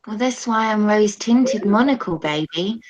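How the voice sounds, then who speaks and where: A woman guest in a casual live chat, describing things in a reflective, drawn-out way over a video call. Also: medium pitch, expressive.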